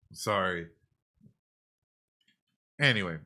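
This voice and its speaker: Brief: male psychologist streamer, bright, forceful voice, chatty and excitable, lots of "yo" and "man". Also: low-pitched. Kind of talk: casual let's-play commentary.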